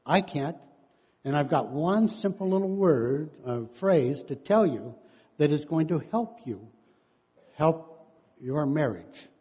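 A man's voice: a little high, lively intonation, slow pace, warm tone, husky. Older man preaching in a reverberant hall. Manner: storytelling, acts out quotes, chuckles often. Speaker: preacher and counselor. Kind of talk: sermon.

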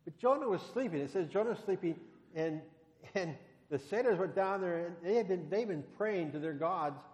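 Guy preaching in a big hall, kinda higher voice, chatty storytelling sermon, long echo. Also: brisk. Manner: conversational storytelling, animated when retelling dialogue.

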